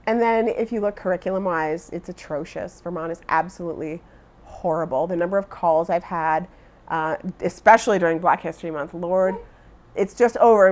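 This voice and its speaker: A middle-aged woman speaks in an interview as an advocate for education. Her voice sits on the low side, and she sounds measured, earnest and emphatic.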